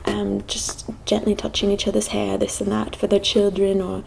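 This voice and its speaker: A woman from the United States speaking in a put-on British accent, telling a personal story in a soft, whispered ASMR delivery with many hesitant pauses. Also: medium pitch, monotone, vocal fry, noisy background. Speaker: ASMR channel host.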